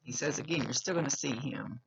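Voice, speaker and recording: A woman's voice: a bass voice, fairly quick, creaky, husky. A woman psychic medium with a slight lisp, giving an earnest, reassuring reading and repeating key phrases. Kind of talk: giving a spoken reading to a client. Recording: dull lo-fi recording.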